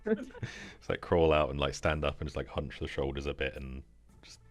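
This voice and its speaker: A man's voice: a bass voice, big pitch swings, normal speed, soft background music. A man playing a tabletop game, describing his character's moves in a rambling, playful way. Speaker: player. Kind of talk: casual play at the table.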